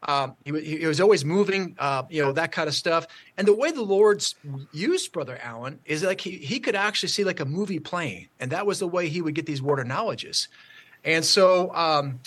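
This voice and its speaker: A man telling a church testimony story on a call, halting, with many fillers and restarts. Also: a little high, animated, fairly bright tone. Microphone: call audio.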